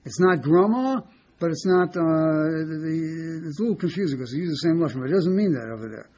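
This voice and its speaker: A man teaching a Talmud class in a halting way, often repeating words and checking in with his listeners. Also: fairly high pitch, animated, mellow. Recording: dull lo-fi recording with faint hiss.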